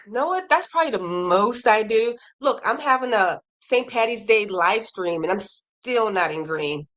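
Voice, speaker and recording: Woman, crochet livestream host, casual chat, reads comments aloud, lively reactions. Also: mid-range voice, measured pace.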